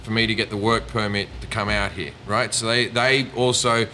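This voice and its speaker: Steady in tone and on the low side, this Australian-accented man's pushed, bright voice moves at a moderate pace. As a comedian guest in a casual chat, he tells stories, swears, and imitates people, over a slight hiss or hum.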